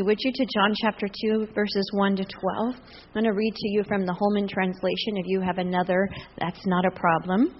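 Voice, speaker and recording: A woman's voice: mid-range voice, slight background noise. An older woman preaching a sermon in a large church, chatty and humorous, laughing often. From US Northwest. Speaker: guest preacher. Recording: distant, dull sound with long hall reverb.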